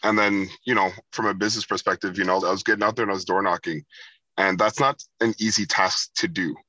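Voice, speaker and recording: A man's voice: low-pitched, fairly even intonation, fast, sharp tone, no echo, low-quality recording. A man in real estate talking reflectively on a call, with many "you know" fillers.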